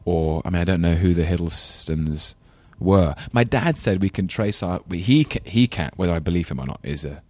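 A man's voice: low-pitched, expressive, normal speed, few pauses, a little mellow. A man with an English London accent, a guest on a talk show, chatting in a thoughtful, rambling way and laughing easily. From England. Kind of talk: casual chat.

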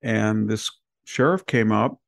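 Low gravelly man telling anecdotes. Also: slow pace, dry recording, studio quality. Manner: rambling personal anecdotes, conversational. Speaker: podcast host. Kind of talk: casual news roundup chat.

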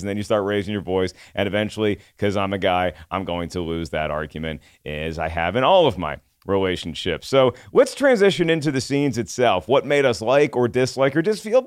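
A man's voice: lowish voice, brisk, hardly any pauses, smooth, no echo, clean studio sound. A man hosting a casual panel podcast, chatty and opinionated, with self-deprecating jokes. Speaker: podcast host.

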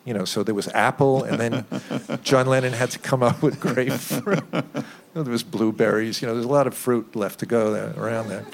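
A man's voice: mid-range voice, brisk, creaky, slight background noise. Older man, record producer, interview stories, chuckles, acts out quotes, medium voice. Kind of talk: interview storytelling.

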